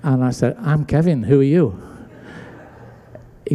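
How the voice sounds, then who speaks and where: Pastor telling a story in a big hall. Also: male voice, mid-range voice, unhurried. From Britain. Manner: animated storyteller acting out dialogue. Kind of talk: sermon storytelling. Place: church sanctuary. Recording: long church hall reverb.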